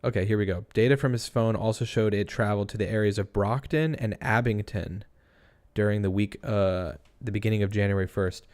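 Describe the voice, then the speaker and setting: Low, smooth-voiced male streamer. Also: steady tone, a little fast, darkish tone. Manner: thinking aloud, rambling with restarts. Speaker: livestream host. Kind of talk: casual true-crime livestream commentary.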